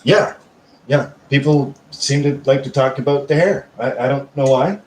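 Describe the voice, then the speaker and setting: A man's voice: mid-range voice, normal speed, darkish tone, slight background noise. A man hosting a live stream at home, chatting casually with viewers, rambling and swearing constantly while answering chat messages. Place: at home, seated.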